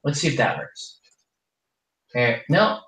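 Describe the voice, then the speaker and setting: Lively streamer in a roomy space. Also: medium pitch, measured pace. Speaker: miniature painting streamer. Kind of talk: casual chat. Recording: distant, roomy, noisy mic.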